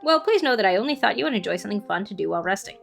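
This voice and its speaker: A woman voicing a gentle, formal giant male tea-shop keeper in a game, with stiffly polite phrasing. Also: mid-range voice, lively intonation, very fast, creaky, faint music behind. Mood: gently coaxing.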